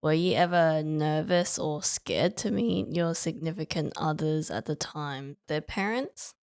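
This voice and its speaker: A young woman co-hosting a casual podcast, playful and quick to laugh. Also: low-pitched, darkish tone, clear, resonant tone, no room sound, clean studio sound. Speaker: podcast co-host.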